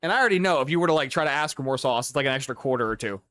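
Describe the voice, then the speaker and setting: A man's voice: medium pitch, expressive, very fast, a bit bright, no echo. A young man livestreaming a football game, rambling and ranting with lots of profanity in casual chat. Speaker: gaming streamer.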